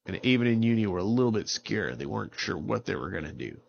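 Brief: relaxed male storyteller, low and unhurried, dull home recording. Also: vocal fry, slight background noise. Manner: relaxed, unhurried, with small restarts. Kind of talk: improvised bedtime storytelling.

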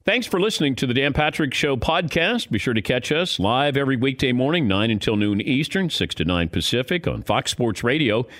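A man's voice: medium pitch, very animated, a little fast, few pauses, fairly bright tone. A middle-aged man hosting a radio show, teasing his guest and laughing often. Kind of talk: casual radio talk.

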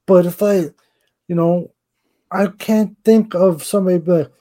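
A man's voice: fairly high pitch, moderate pace, mellow. A middle-aged man co-hosting a casual wrestling podcast, blunt and emphatic, swearing freely. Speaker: podcast co-host.

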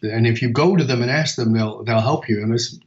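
A man's voice: mid-range voice, a little fast, background noise. A middle-aged man tells stories as a podcast guest and acts out both sides of remembered conversations. His voice sits in the middle of the range. The sound is roomy and a little dull, as if it came from a remote setup. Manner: animated storyteller, acts out dialogue. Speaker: podcast guest, speaker and author. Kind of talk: storytelling interview talk.

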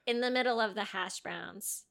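A woman's voice: medium pitch, moderate pace, vocal fry, fairly bright tone. A woman co-hosting a podcast, chatting in a jokey, silly way. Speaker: podcast co-host. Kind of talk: casual comedic chat.

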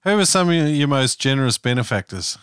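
A man hosting a relaxed interview, with a mid-pitched voice that swings up and down. He chips in with quick, encouraging reactions. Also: clean tone. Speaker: podcast host. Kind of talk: casual interview chat.

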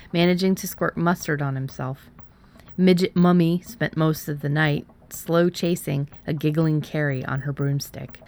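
A woman's voice: low-pitched, gravelly. A woman narrating a first-person Halloween mystery audiobook in a wry, playful manner.

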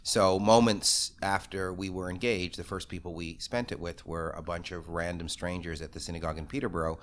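A middle-aged man with a very low, deep voice tells stories as a podcast guest. He talks loud and fast, with few pauses. His tone stays conversational and engaged. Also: steady tone, slight background noise. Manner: quick, loud, few fillers. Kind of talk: conversational storytelling.

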